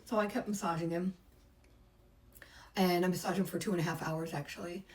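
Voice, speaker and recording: A woman's voice: fairly low pitch, fairly even intonation, a little fast, poor audio. A middle-aged woman, a massage therapist, chattily telling a personal story and acting out the voices she quotes. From United States.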